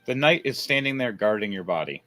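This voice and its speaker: A man narrating a tabletop game as game master, lively and building up each scene. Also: on the low side, a little fast, soft background music.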